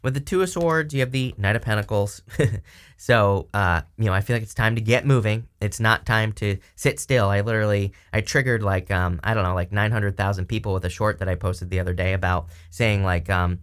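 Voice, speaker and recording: A man giving a casual, chatty tarot reading, animated and full of fillers, laughing now and then. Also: on the low side, a little fast. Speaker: tarot reader.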